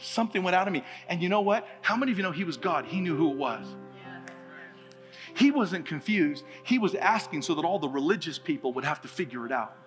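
A man's voice: fairly high pitch, brisk. A male pastor preaching a sermon, telling stories with humor and laughter and building to emphatic, rising points. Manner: animated, humorous storytelling with laughter. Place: church sanctuary. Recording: reverberant hall with faint music.

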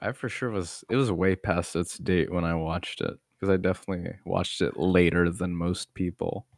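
A man's voice: low-pitched, moderate pace, no room sound, clean studio sound. A young man co-hosting a podcast, chatting casually about films with crude jokes. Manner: animated, joking, crude humor. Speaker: podcast co-host. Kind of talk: casual chat.

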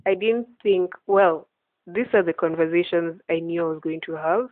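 Lady podcast host chatting earnestly, lowish voice, sounds like it's over a phone. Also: normal speed, no room sound. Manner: earnest, laughs often. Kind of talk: casual faith podcast chat. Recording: tinny phone-like line, dry.

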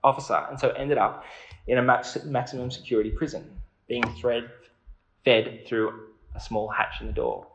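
Earnest preacher, echoey room. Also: male voice, medium pitch, moderate pace, a bit bright, muffled recording, a little hiss or hum. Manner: conversational, earnest, asks the congregation questions. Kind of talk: sermon.

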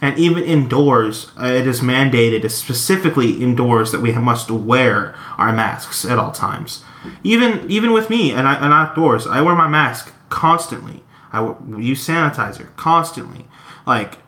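A man's voice: mid-range voice, fairly bright tone. A man chatting casually, talking earnestly with many fillers and restarts. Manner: hesitant, filler-heavy, earnest. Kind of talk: casual chat.

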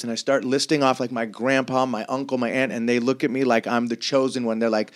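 A man's voice: mid-range voice, steady tone, fast, few pauses, smooth. Crude, joking man telling stories. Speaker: podcast guest. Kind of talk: casual chat.

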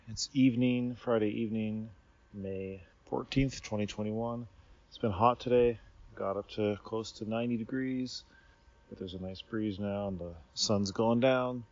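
A man hosting a podcast, musing in a rambling, unhurried way with filler pauses while sitting outdoors under a tree near a river in the evening. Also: on the low side, darkish tone, dry recording. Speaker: podcast host. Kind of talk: casual spoken musing. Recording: dull, dry lo-fi recording.

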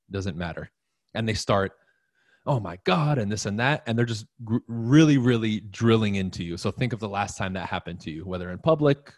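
A man's voice: lowish voice, dry recording, studio quality. A man coaching salespeople in a live-streamed talk, emphatic and blunt, swearing now and then as he addresses the listener directly. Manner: emphatic, profane, talks straight to the listener. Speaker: real estate coach.

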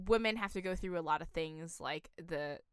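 A woman co-hosting a podcast in casual chat, reacting quickly and animated. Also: lowish voice, clean tone, dry recording, studio quality. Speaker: podcast co-host.

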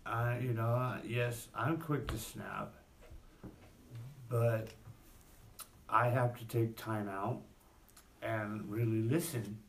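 A man's voice: mid-range voice, a little hiss or hum. A man talking as a father in a discussion group, reflective and searching for his words.

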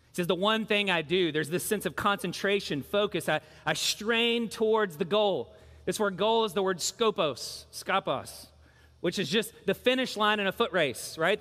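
Bright-voiced male pastor preaching in a hall. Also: sits high. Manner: earnest, emphatic preaching with repeated phrases. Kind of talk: sermon.

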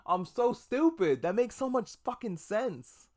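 A man hosting a casual video review of a TV episode, talking excitably, rambling and swearing a lot. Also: very high-pitched, a little slow, dry recording, studio quality. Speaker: TV show reviewer.

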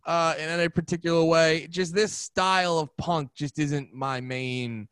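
Male co-host from New Jersey, slightly high voice, crude laughing banter, dry close mic. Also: measured pace, clean tone, no room sound. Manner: laughing, crude, animated storytelling. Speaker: podcast co-host. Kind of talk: casual chat.

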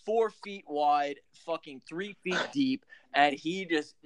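Brief: male hockey coach, animated cursing storyteller, slightly high voice, dry close sound. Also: takes it slowly, dry recording. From Philadelphia. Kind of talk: casual storytelling chat.

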